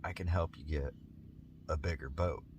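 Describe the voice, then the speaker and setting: A man voicing an eager American businessman in a told story, pitching big plans persuasively. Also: fairly even intonation, normal speed, highs cut off, noisy background.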